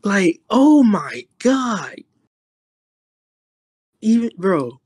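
A young man rambles through a roast in slow, slangy, profane talk, full of fillers and exasperated sighs. His voice sits in a middle pitch and sounds dry and close to the mic. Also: very animated, darkish tone, no echo. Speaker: online streamer. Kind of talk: casual roast on a voice chat.

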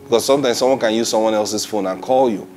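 A man teaching the Bible in a lively sermon style, repeating phrases and praising God between points. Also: on the low side, quick pace. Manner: animated and repetitive, often saying "praise God" with short laughs.

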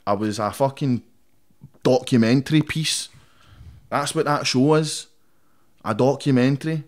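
A man's voice: medium pitch, unhurried, darkish tone. A young Scottish man, a rapper guest in a casual interview, blunt and sweary, tossing "mate" into nearly every sentence. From Scotland.

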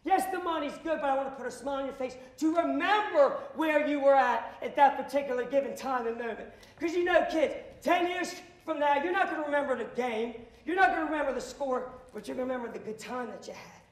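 A man with a high voice speaks as a motivational speaker to a school audience. He acts out the dialogue as he tells his stories and breaks into loud shouts now and then. His voice rings around an echoey school hall. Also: quick pace, few pauses. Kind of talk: animated storytelling to students. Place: school auditorium.

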